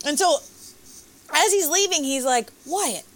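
A woman telling a story in a casual chat, animated and laughing often. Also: sits high, a little slow.

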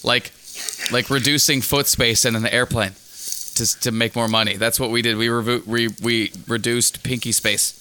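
A man's voice: mid-range voice, fairly even intonation, normal speed, bright, forceful tone, slight background noise. A man co-hosting a casual podcast chat, telling rambling, jokey stories with many restarts. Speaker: podcast co-host.

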